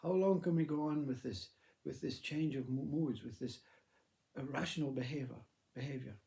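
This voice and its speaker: A man's voice: a little high, moderate pace, vocal fry, warm tone, pitched above the performer's own voice. A man voicing worried grown-up children who plead with their mother to get help.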